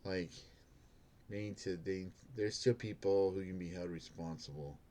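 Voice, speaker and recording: A man's voice: low voice, normal speed, darkish tone. A man who works as a bank security guard, telling a rambling story in a casual monologue, filled with "like" and laughing at himself.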